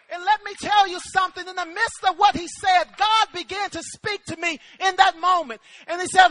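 A man's voice: extremely high pitch, steady tone, normal speed, few pauses, bright, forceful tone. A man preaching a sermon, telling a personal story with emphasis and calling out amen to the congregation.

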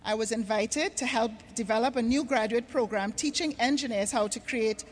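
A woman from Trinidad and Tobago gives an earnest stage address to a huge arena crowd, slowing down to stress key words. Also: fairly high pitch. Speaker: conference speaker. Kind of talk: stage address on faith and creation care. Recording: long reverb of a large arena.

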